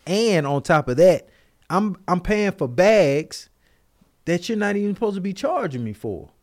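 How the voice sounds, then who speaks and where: A man's voice: high voice, moderate pace. A man in his forties, a podcast co-host, telling a story in casual chat and acting out what other people said. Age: 40s. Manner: animated, acts out others' lines in his stories.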